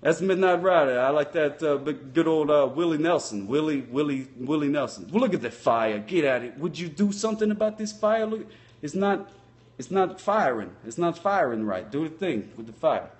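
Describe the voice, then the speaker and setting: Man doing a sock-puppet patrol cop, folksy, rambling, loose grammar, slightly high voice, comic live-stream chat. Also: animated, normal speed, natural voice. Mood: chatty.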